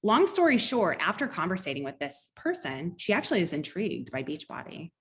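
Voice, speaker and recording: A woman's voice: fairly low pitch, very animated, brisk. A middle-aged woman coaching a sales team in an online training, upbeat and conversational, teaching through personal stories.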